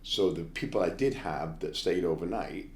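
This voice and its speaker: A man, a guest chef, telling brisk anecdotes with blunt asides in an interview. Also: sits low, darkish tone, reverberant, slight background noise. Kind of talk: storytelling interview.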